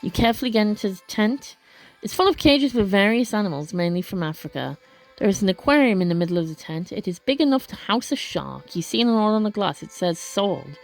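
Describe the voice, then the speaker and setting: Animated woman playing a game aloud. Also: mid-range voice, quick pace, soft background music. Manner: expressive, gasping reactions, chatty asides. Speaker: let's play creator. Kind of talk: casual game commentary and reading game text aloud.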